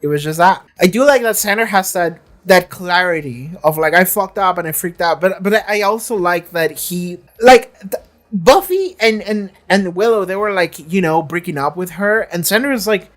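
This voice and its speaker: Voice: mid-range voice, animated, normal speed, fairly bright tone. Chatty, profane reaction vlogger. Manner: chatty, swears freely, acts out characters in quotes. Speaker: reaction video creator. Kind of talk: casual reaction commentary.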